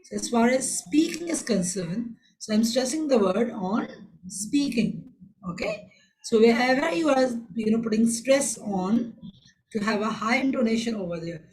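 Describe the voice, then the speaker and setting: A woman's voice: a little high, expressive, normal speed, a little mellow, low-quality recording. Woman teaching an online class. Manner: instructive, switches into Hindi phrases. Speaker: IELTS teacher.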